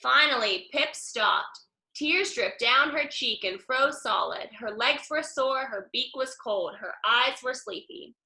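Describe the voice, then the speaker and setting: Bright, slow woman reading a picture book. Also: on the high side. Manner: slow, expressive, with sound effects. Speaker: storybook reader. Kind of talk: children's picture book read-aloud. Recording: echoey room.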